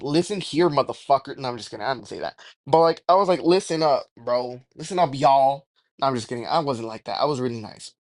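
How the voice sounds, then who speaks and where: A man's voice: mid-range voice, no room sound. A young man telling a rambling, profane storytime with jokey exaggerations. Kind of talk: casual storytime rant.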